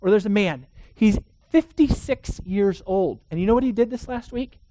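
Preacher, mid pitch, dry close sound; dramatic loud-to-hushed swings, keeps questioning the congregation. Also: moderate pace, no room sound. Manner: dramatic swings between loud urgent passages and hushed soft ones; asks the audience rhetorical questions. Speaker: pastor. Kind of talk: sermon.

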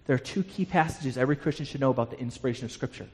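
A man's voice: mid-range voice, very fast, a little mellow, slight background noise. A man teaching a Bible class, explaining passages to his listeners and stumbling into repeated words as he restarts a thought. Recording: long hall reverb.

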